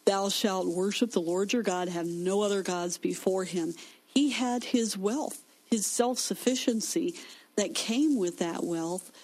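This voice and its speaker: A woman's voice: medium pitch, measured pace, a little mellow, rough recording. A woman in a Christian discussion who teaches from scripture with emphatic stress.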